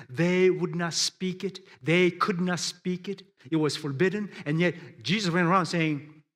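A man's voice: fairly high pitch, fairly bright tone. A man preaching a sermon, addressing his listeners as friends and driving points home with emphatic rises and drops.

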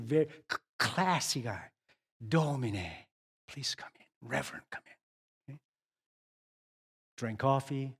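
Slow-paced man preaching a sermon. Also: on the high side. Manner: swings from hushed storytelling to rising emphatic questions. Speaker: pastor.

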